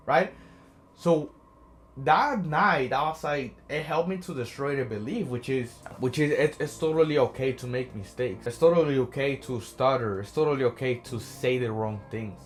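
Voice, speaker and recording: A man's voice: medium pitch, normal speed, slight background noise. A young man from America, talking as a motivational vlogger, earnest and often asking "right?". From Latin America. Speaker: social anxiety coach. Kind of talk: motivational vlog talk.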